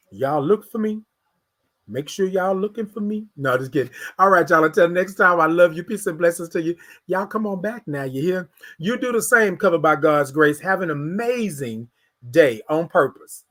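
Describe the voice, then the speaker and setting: A man's voice: high-pitched, pushed and bright. A man hosting a motivational morning show, talking in a repetitive, preacher-like, encouraging way. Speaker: host.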